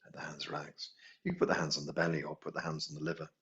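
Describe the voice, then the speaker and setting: A man teaching a healing class, gently guiding breathing and chanting tones. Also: extremely low pitch, little pitch movement, gravelly, muffled recording. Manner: slow, gentle guidance with sung tones. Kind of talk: guided meditation class.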